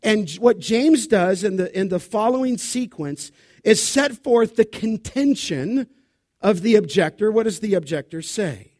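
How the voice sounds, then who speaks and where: Man, pastor, expository sermon, high voice, intense, emphatic delivery. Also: no echo, studio quality. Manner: intense, emphatic, addresses the congregation directly. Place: church sanctuary.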